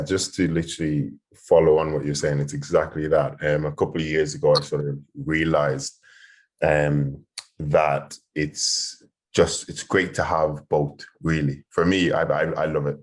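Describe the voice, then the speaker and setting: Very deep-voiced man. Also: little pitch movement, measured pace. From Ireland. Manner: enthusiastic, rambling, many fillers. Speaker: podcast host and panelist. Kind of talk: casual panel discussion.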